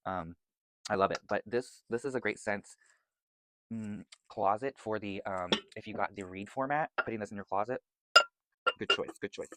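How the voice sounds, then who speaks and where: A man's voice: on the low side, moderate pace, very noisy. A man chatting casually and enthusiastically to camera as he shows off his candles, rambling and gushing about scents. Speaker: vlogger reviewing candles. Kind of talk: casual product chat.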